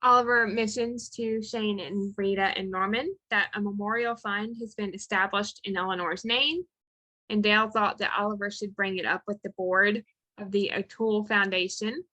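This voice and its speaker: A woman co-hosting a podcast, recapping a film in casual chat and reading its lines aloud with lively inflections. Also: mid-range voice, moderate pace. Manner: reads quotes aloud with lively acted inflections. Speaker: podcast co-host.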